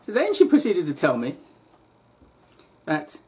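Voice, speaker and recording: A man's voice: on the high side, huge pitch swings, unhurried, a little mellow. A man telling a long, rambling story to camera in a casual vlog rant, correcting himself often and growing exasperated. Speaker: vlogger.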